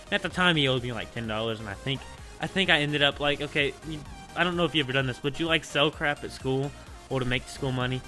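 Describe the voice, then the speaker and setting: A young man casually telling a school story on his vlog, rambling and excitable, with lots of filler words. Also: mid-range voice, fast, faint music behind. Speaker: gaming channel host.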